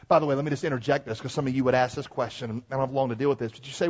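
A man preaching a sermon, swinging from hushed, slowed phrases to loud, rising peaks, with joking asides to the congregation. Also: on the high side, animated, slightly rough, muffled recording.

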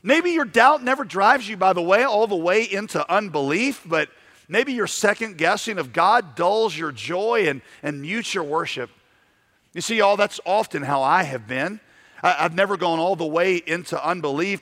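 A man's voice: fairly high pitch, animated, normal speed, a bit bright. A male pastor preaching a sermon, acting out voices and stammering through restarts.

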